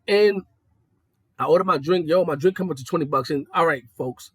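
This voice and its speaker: A young adult man telling profane stories in a casual monologue, jumping between high excited tones and low mocking ones. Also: a little fast, husky, no echo, studio quality. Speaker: podcast host.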